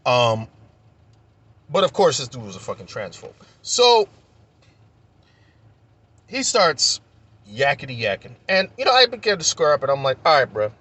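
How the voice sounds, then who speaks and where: Heated, husky young man ranting. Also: medium pitch, very animated, measured pace, pauses often, bright, forceful tone. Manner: heated, profane, repeats himself when worked up. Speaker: vlogger. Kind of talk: casual storytelling rant.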